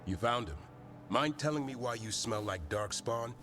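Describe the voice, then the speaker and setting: A gruff man monster hunter speaks curtly and warily, voiced by a man. His pitch moves a lot. Faint game music plays behind him. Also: animated, normal speed, a bit bright, natural voice. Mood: wary. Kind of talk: video game voice acting.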